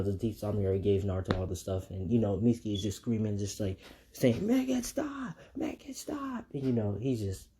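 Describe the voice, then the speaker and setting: A man's voice: on the low side, dark tone. A man casually retelling a fan story, rambling with many fillers and restarts.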